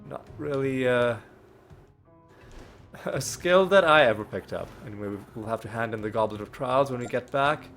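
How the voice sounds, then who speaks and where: A man's voice: mid-range voice, normal speed, a bit bright. A man with a cold, now and then coughing, casually commenting on a video game as a let's play host while rambling and thinking aloud at his desk mic. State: ill with a cold, occasional coughs. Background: faint game music.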